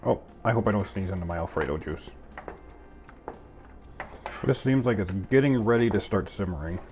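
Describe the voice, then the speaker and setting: Deep-voiced goofy man cooking at home. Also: expressive, moderate pace, darkish tone, slight background noise. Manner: goofy, self-mocking, chatty. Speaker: cooking channel host. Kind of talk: casual cooking narration. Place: home kitchen.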